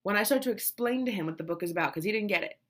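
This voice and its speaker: Animated woman telling an emotional story. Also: mid-range voice, very fast. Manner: animated, emotional, lots of restarts and quoted voices. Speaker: mother telling a family story. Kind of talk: casual storytelling to camera.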